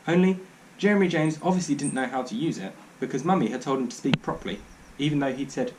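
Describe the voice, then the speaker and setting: A man reads a children's storybook aloud, his voice rising and falling in lively swings. He sits a touch above the usual male pitch and narrates in a dry, wry way. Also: fast, slight background noise, low-quality recording. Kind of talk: reading a children's book aloud.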